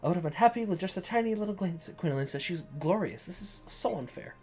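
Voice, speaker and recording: A man's voice: sits high, expressive, quick pace, darkish tone, soft background music. Man playing a gushing young thief girl. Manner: gushing, breezy.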